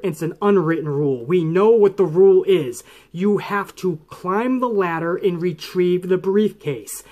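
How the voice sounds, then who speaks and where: A man's voice: sits high, darkish tone. A man hosting a wrestling commentary show, ranting angrily and swearing a lot. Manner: angry, swearing, mocks referees in put-on voices.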